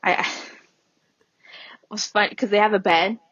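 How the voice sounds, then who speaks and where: A woman's voice: mid-range voice, steady tone, unhurried, fairly bright tone, no room sound, dull audio. A woman guest on a podcast in casual chat, chatty and giggling between remarks.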